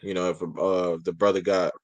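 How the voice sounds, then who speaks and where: A man's voice: low voice, level tone, moderate pace, dry recording, poor audio. A man in a casual religious discussion, talking bluntly and emphatically with some profanity.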